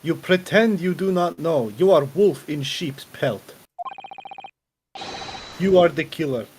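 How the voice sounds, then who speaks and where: A man's voice: fairly high pitch, takes it slowly, darkish tone, slight background noise. A man doing a cheesy Russian interrogator. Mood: menacing. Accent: Russian, put on. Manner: menacing, broken grammar, mock-exaggerated. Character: stern male Russian-accented captor, threatening.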